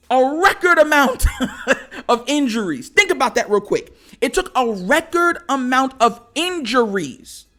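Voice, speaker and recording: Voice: high-pitched, fairly bright tone. A sports show host ranting casually as a fan, with slangy trash talk and frequent laughter between lines.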